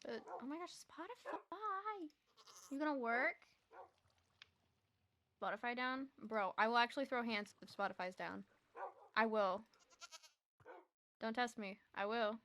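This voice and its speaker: Bright-voiced excitable young woman streamer. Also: on the high side, slight background noise. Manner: chatty, excitable, quick to laugh. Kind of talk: casual gaming stream chat.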